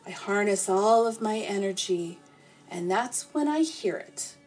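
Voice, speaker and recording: A woman narrating a playful, deadpan comic sleep story in the first person. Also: mid-range voice, measured pace, breathy edge, faint music behind. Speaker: podcast storyteller.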